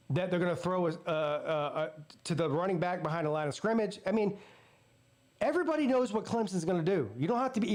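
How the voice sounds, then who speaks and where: A man's voice: high voice, darkish tone. A man hosting a live football watch party, giving blunt, profane play-by-play between fired-up rants. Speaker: sports channel host.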